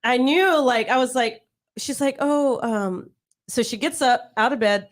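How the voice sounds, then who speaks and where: A young woman with a fairly high voice chats casually as a co-host. She tells lively stories with plenty of laughter, her tone rising when she acts out other people's lines. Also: a little slow. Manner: animated storyteller, laughs often. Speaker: podcast co-host. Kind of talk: casual chat.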